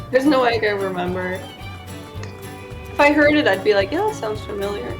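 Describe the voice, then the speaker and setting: A woman game streamer chatting casually, talking in a halting way with lots of "like" fillers. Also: mid-range voice, lively intonation, music in the background. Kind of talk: casual chat while playing a game.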